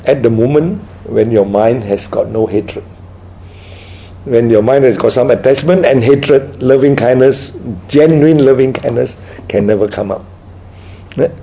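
A Buddhist teacher speaks in a mid-range, creaky voice with a warm tone, heard on a rough recording. In this dharma talk with audience questions, he tells stories at a leisurely pace and keeps checking in by adding "right?" after almost every point.

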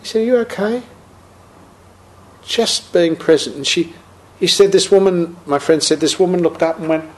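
Man in his sixties, Buddhist teacher, animated anecdotal storytelling. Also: mid-range voice. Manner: animated anecdotal storyteller, acts out quotes, laughs. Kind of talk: storytelling talk.

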